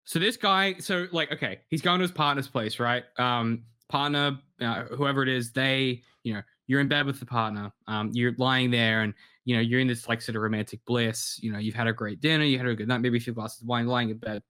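Give me a bright-voiced man hosting an advice podcast, laughing easily as he reads questions. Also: mid-range voice, a little fast, hardly any pauses. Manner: giggly, reading out listener questions. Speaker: podcast host. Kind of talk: casual podcast banter.

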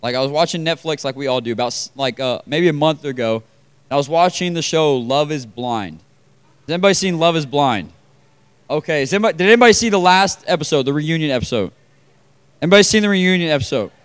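A man's voice: a little high, expressive, fast talker, clear, resonant tone. A young man preaching a casual, conversational sermon to a room of about forty people, with lots of fillers and questions put to the crowd.

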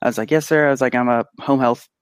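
A man co-hosting a podcast, telling an animated, casual story and acting out the quotes. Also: medium pitch, fast talker, smooth, no room sound. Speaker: podcast co-host; pediatric physical therapist. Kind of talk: casual chat.

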